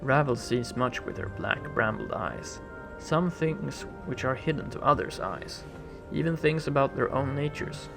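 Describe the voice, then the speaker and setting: A man reading the lines of a calm, centuries-old woman from a role-playing game, in formal, measured phrasing. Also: medium pitch, vocal fry. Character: calm ancient woman, gentle and composed. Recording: game music playing behind.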